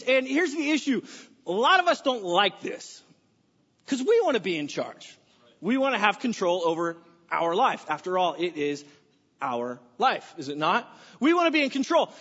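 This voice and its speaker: An American pastor delivers a lively, conversational sermon with a fairly high voice. His words ring out in a large church sanctuary with a long reverb tail, and the recording sounds dull and muffled. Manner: energetic, conversational preaching with folksy asides.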